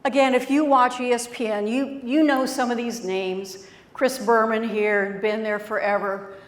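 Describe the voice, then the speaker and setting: A middle-aged woman speaking as a keynote presenter, her voice sitting a little high for a woman. She tells stories in an animated, conversational way and acts out the quotes. The sound carries the echo of a large room. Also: unhurried. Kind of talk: storytelling keynote speech. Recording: echoey room.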